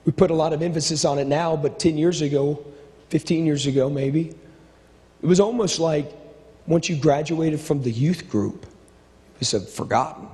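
A man's voice: moderate pace, dark tone. Man preaching in a reverberant hall. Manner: impassioned, repetitive preaching with sudden drops to low asides. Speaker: pastor. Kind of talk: sermon. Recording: long reverb of a large hall.

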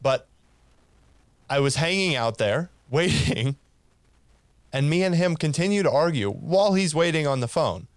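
A man's voice: a little high, animated, measured pace, long pauses, no room sound. A man casually telling a story on a podcast, laughing and acting out quoted lines.

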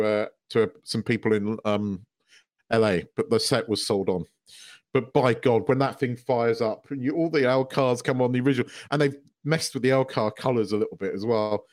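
A man's voice: mid-range voice, steady tone, moderate pace. A man co-hosting a podcast, gushing and swearing as an emotional fan in casual chat. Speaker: podcast co-host.

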